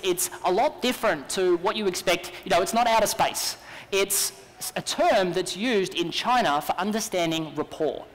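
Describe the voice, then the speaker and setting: A man with an Australian accent giving an energetic, persuasive keynote talk at a business conference. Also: high voice. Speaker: business speaker. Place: large conference hall. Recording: long hall reverb.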